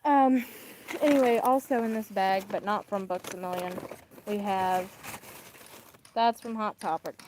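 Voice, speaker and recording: A young woman rambling her way through an unboxing vlog, chatty and easygoing, her voice sitting at an ordinary middle pitch. She often lets her sentences fade to a near mumble. Faint noise hums under the recording. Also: unhurried, pauses often. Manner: rambling, chatty, trails off quietly. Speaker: vlogger. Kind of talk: casual unboxing chat.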